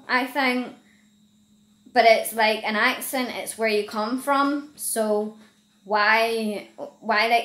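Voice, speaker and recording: A Northern Irish woman speaks earnestly into her camera, slow and halting as she hunts for the right words. Her voice sits fairly high, and the room around her rings with echo. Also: a bit bright. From Northern Ireland. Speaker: vlogger. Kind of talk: direct-to-camera vlog. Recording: echoey room.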